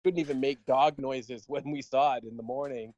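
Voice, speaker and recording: A man's voice: mid-range voice, fairly even intonation, moderate pace, darkish tone, dry recording. Podcast co-host, male, casual storyteller, rambling delivery, dry and slightly dull recording. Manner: rambling anecdote, laughing often.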